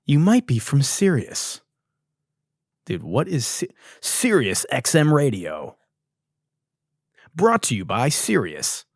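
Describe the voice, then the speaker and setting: With huge pitch swings around a medium pitch, this young man hosts a podcast of crude, sarcastic casual comedy. He talks slowly and creakily, pausing often, and veers from mumbles to loud outbursts. The recording is dry and studio quality.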